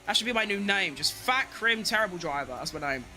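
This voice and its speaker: A young man giving excitable live commentary on his own racing game, talking to himself and chanting while he drives. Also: high voice, fast, music in the background. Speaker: gaming streamer.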